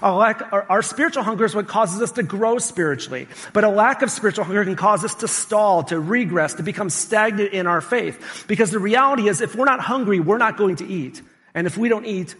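A man's voice: high-pitched, fairly quick, a bit bright, in a large hall. A male pastor preaching a sermon and engaging the congregation with questions. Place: church sanctuary.

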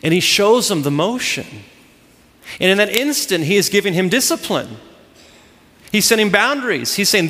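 A man's voice: high-pitched, very animated, normal speed, a bit bright, long reverb tail. A man preaching a sermon to a congregation, driving his points home with emphatic repeated phrases. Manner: emphatic, repetitive preaching cadence. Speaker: pastor.

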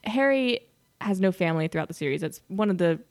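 A woman with a slightly low voice co-hosts a casual fan podcast. She explains eagerly and laughs often as she talks. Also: animated, fast talker, a little mellow. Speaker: podcast co-host.

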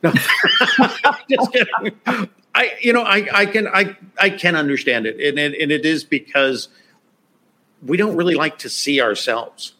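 A man in a casual live-stream chat who talks in a relaxed way, often laughing and tagging his points with "right?". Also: fairly high pitch, unhurried. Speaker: LinkedIn expert co-host.

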